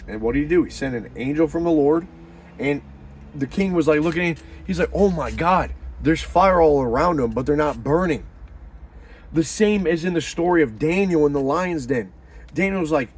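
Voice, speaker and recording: A man giving a profane, animated religious pep talk, swinging from loud fired-up bursts to low hushed murmurs. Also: moderate pace, breathy edge. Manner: profane and slangy. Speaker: motivational talker.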